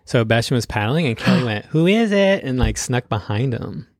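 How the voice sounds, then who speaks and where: A man's voice: medium pitch, fairly quick, no room sound, clean studio sound. A man hosting a podcast in casual chat, telling stories with acted quotes and laughing often. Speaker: podcast host.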